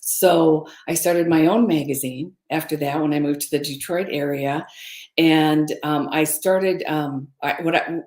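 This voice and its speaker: A woman's voice: deep voice, steady tone, measured pace, darkish tone, roomy sound. A middle-aged woman candidly telling a personal story as a webinar guest, with hesitant fillers. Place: room, recorded for a webinar.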